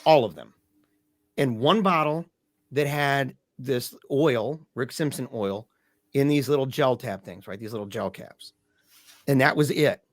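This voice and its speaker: A man's voice: mid-range voice, unhurried, no room sound. Guy telling a hard story on a podcast, super emphatic, keeps saying dude, dry close mic. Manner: emphatic, peppered with "dude" and "man". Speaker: podcast guest, grieving father. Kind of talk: casual emotional storytelling. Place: lives in Michigan.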